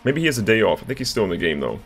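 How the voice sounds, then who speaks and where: Young man, low voice, excitable live stream commentary, thanks chat, faint music behind. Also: rapid-fire. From Virginia. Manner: excitable, reads chat aloud and thanks viewers.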